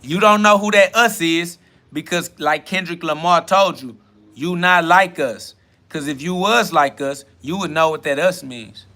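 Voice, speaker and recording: A man hosting a self-talk podcast, preaching in a combative, mocking and profane way, racing through some lines and drawing others out slowly. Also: a little high, bright, forceful tone. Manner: shifts between rapid bursts and slow drawn-out emphasis. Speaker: podcast host.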